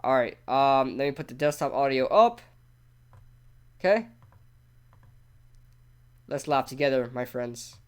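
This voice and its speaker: Excitable young man hosting a live sports stream. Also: mid-range voice, unhurried, long pauses, clear, resonant tone. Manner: excitable, talks to his chat. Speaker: sports talk show host.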